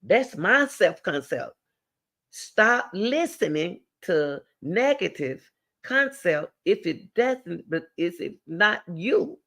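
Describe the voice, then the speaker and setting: A woman's voice: fairly low pitch, very animated, takes it slowly, fairly bright tone. A middle-aged woman hosting a talk show, giving blunt, emphatic advice and repeating her key words. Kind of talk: direct advice talk to a caller.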